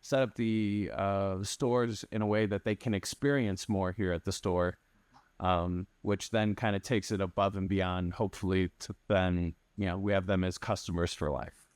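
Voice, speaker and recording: A man's voice: low-pitched, steady tone, moderate pace, a little mellow, clean tone, dry recording. A man hosting a podcast, chatting casually and backing up guests with short affirmations. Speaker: podcast host. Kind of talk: casual interview chat.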